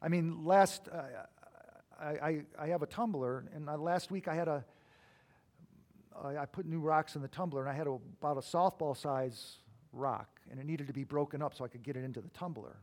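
A middle-aged man preaching a sermon, swinging between loud emphatic bursts and quiet, low asides as he tells stories. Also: a little fast. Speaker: pastor.

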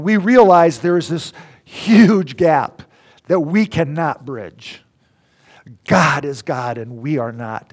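A middle-aged man preaching a sermon, swinging between loud exclamations and near whispers. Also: on the high side. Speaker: pastor.

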